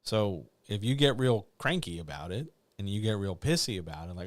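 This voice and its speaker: A man's voice: on the low side, sing-song, normal speed, no echo. A middle-aged man, a writing coach, talking candidly and ramblingly to viewers in a casual live chat. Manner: candid, rambling, self-deprecating.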